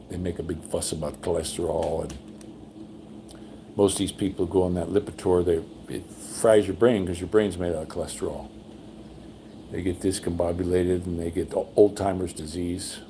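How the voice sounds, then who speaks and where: Gravelly, low-voiced older man. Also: mellow, slight background noise. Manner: folksy storyteller, acts out quotes in a higher voice. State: undergoing cancer treatment. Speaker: vlogger. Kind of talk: casual rambling livestream chat. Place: home room with high ceilings.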